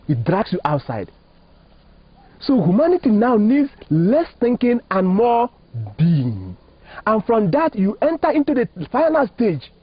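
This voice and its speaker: A Catholic priest from Nigeria, a man, explains spiritual ideas in an emphatic, preacherly way, posing rhetorical questions. His fairly high voice swoops lively up and down and carries a husky edge. The recording is dull and lo-fi, dry with no room sound. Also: no room sound. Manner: emphatic, preacherly, rising and falling phrasing, asks rhetorical questions. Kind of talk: spiritual teaching in an interview.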